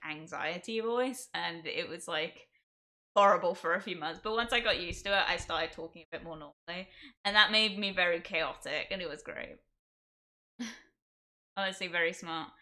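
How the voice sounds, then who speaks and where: A woman's voice: fairly low pitch, pushed and bright. A young woman from England, a streamer chatting casually with her viewers and laughing often. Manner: chatty, reading and answering chat, laughs often. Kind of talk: casual livestream chat.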